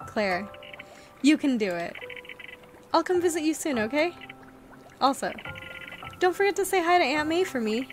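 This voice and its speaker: A woman reading aloud the lines of a caring mother in a game, in a soft, affectionate way. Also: high voice, animated, moderate pace, pauses often, faint music behind. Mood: tender. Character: gentle caring mother on the phone.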